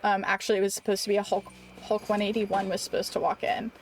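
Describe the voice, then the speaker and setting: A young adult woman streaming a game and telling a long, rambling story in a casual, animated way, full of "like". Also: mid-range voice, fast talker. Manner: animated, rambling, heavy use of "like".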